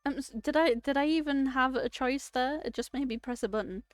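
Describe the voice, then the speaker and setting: A woman streaming a live game playthrough, chatty and excitable, swearing casually. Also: high-pitched, a little fast, hardly any pauses, no echo, soft background music.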